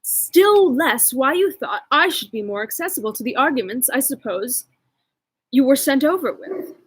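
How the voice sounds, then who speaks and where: Woman reading an angry young gentleman, explosive bluster, husky voice. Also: high voice, animated, moderate pace, low-quality recording. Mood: indignant.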